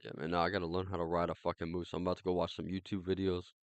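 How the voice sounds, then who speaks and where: A man's voice: low voice, monotone, rapid-fire, clear, resonant tone, dry recording. A man hosting a podcast in casual chat, crude and teasing, swearing freely as he talks. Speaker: podcast host.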